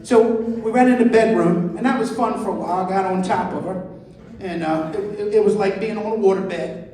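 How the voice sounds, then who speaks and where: High-voiced man doing crude stand-up. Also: moderate pace, darkish tone. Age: 50s. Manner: crude storytelling, acts out dialogue. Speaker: stand-up comedian. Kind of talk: stand-up comedy set. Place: club stage with live audience. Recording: echoey hall from far off. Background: audience laughter.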